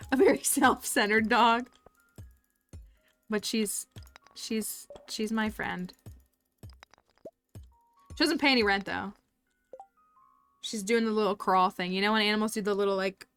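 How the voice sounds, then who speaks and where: A chatty woman streaming a game live, talking to viewers in a bright, crisp, fairly high voice. She giggles and rambles warmly with soft game music playing behind her. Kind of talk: casual live-stream chat while gaming.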